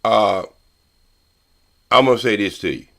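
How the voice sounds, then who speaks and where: A man's voice: lowish voice, measured pace, gravelly, fairly bright tone. An older man on a live-stream panel, talking in a rambling, profane, combative way. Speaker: panel guest. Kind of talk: heated live-stream debate.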